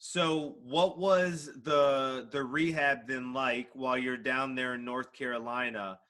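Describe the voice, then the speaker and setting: A man's voice: mid-range voice, fairly even intonation, slow, sharp tone. A man hosting a casual interview podcast, recapping the guest's story and chiming in often. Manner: chimes in with short backchannels, finishes guest's sentences. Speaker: podcast host.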